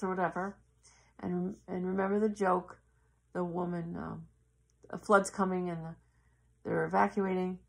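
A woman in casual, earnest storytelling, halting and acting out the voices of the people in her story. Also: on the low side, flat delivery, gravelly. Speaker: yoga teacher.

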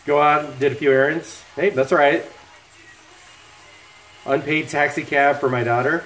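A man's voice: on the high side, fairly even intonation, moderate pace, long pauses, a bit bright. A middle-aged man hosting a casual cooking livestream from his home kitchen, chatting and joking with viewers while he cooks. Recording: echoey kitchen with music playing. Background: music from laptop speakers, frying food.

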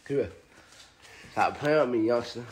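A man's voice: medium pitch, normal speed. A young man and father, chatting casually on a vlog while he films his toddler, laughing and teasing in a loose, profane way. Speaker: vlogger and father. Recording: noisy home video.

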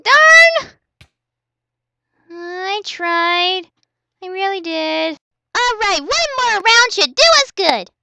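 A woman commentating her own game casually, excitable and playful, with yelps and teasing trash talk. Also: very high voice, takes it slowly, creaky. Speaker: gaming channel host.

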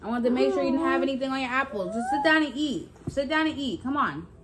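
High-voiced woman playfully scolding. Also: fast talker, noisy background. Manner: playful scolding, talks to toddler and viewers. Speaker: parent vlogger. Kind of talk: casual prank vlog talk.

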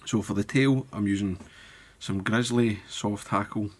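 A man demonstrating fly tying step by step, talking in a relaxed way as he works with his hands. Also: fairly low pitch, measured pace. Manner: relaxed, thinking aloud while working with hands. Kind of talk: step-by-step tutorial narration.

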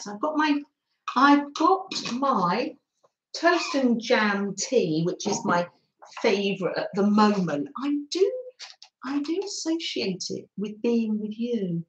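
A woman vlogger chatting casually on a live stream, giggling often and talking warmly to viewers and her dogs. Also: mid-range voice, sing-song, takes it slowly, roomy sound, highs cut off, slight background noise. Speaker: craft vlogger. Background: pet dogs nearby.

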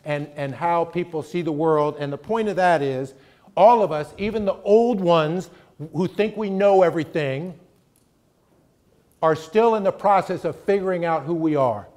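A man's voice: fairly high pitch, moderate pace, a little mellow. A middle-aged man giving a conversational college lecture, emphatic and often checking in with the audience. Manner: emphatic, keeps checking in with "right?". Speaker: guest lecturer.

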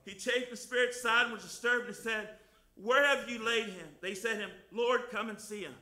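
An older man preaching a fervent sermon in church, breaking into loud hallelujahs and softening when he reads scripture. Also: extremely high pitch, fairly even intonation, moderate pace, echoey room. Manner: fervent, shouting hallelujahs, drops soft for scripture. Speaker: guest preacher. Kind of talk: lively Easter sermon with scripture reading.

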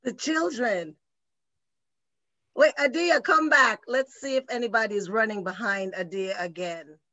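Higher-voiced woman host, playful and teasing, on muffled video call audio. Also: a little slow, bright, forceful tone. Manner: playful, teasing, reads comments from the chat. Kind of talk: casual talk-show chat on a video call.

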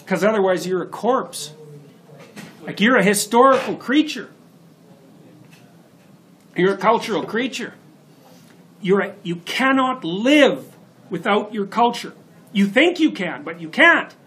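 Animated high-voiced male lecturer. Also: unhurried, long pauses, a little hiss or hum. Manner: animated storytelling, rising to emphatic bursts. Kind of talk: university lecture. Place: lecture hall.

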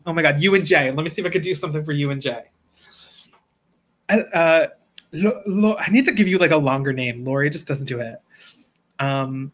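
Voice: mid-range voice, fairly bright tone. A reselling livestream host chatting casually with viewers, bubbly and laughing often, pleading playfully for likes.

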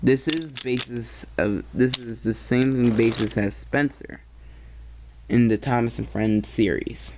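A man's voice: medium pitch, takes it slowly, noisy background. A man giving a casual toy train review, hesitant and often correcting himself mid-sentence.

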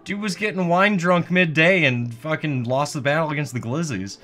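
A man gives goofy, sarcastic let's-play commentary, swearing and getting excited as he plays. His voice sits fairly high and sounds bright and forceful. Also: normal speed, hardly any pauses, soft background music. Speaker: gaming video host.

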